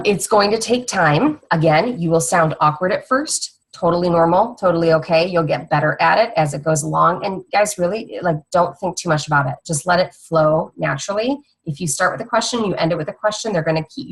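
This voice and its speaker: A woman's voice: on the low side, creaky, breathy edge, poor audio. A young woman fitness coach giving a casual, rambling training talk to other coaches, teasing her co-host.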